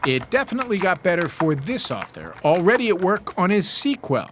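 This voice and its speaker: A man reporting a scripted television news story in a measured, lively reporter's delivery. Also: sits high, a little hiss or hum. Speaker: news correspondent.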